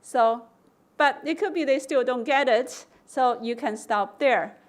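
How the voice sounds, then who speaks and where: A woman giving an academic conference lecture, explaining testing steps and acting out example prompts with slow, stressed words. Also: sits high. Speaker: conference speaker.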